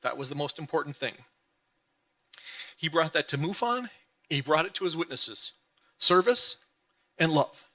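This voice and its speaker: A man delivers a heartfelt memorial tribute in a bright, somewhat high voice. He leans on emphatic repeated phrases and slips into animated imitations of his friend. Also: unhurried, pauses often. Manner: earnest, repetitive emphatic phrasing, imitates others with playful pitch jumps. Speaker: memorial speaker.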